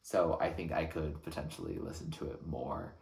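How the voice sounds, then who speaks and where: A man reacting to an album track by track, talking in an earnest, thoughtful way with frequent pauses between phrases. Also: extremely low pitch, steady tone, vocal fry, darkish tone, roomy sound. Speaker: music reaction channel host. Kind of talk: reflective album reaction commentary.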